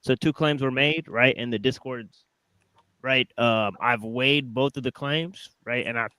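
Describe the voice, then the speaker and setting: A man's voice: medium pitch, unhurried, pushed and bright, clean tone, dry recording. A man calling into an online group call, speaking hesitantly with many fillers. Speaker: caller in an online hangout.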